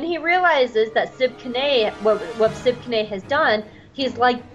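A woman's voice: a little high, expressive, a little slow, few pauses, highs cut off, soft background music. A woman co-hosting a podcast, recapping an episode in a casual, gushing way full of "like". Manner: bubbly, gushing, filler-heavy. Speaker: podcast co-host.

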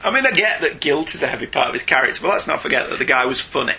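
A man co-hosting a casual comics podcast, animated and often laughing, with quick asides. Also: a little high, creaky. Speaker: podcast co-host. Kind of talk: casual chat about comics.

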